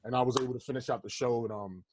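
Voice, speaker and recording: Animated, swearing male comedian. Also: mid-range voice, rapid-fire, background noise. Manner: animated, swears freely, acts out quotes. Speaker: stand-up comedian, guest. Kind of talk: casual storytelling chat.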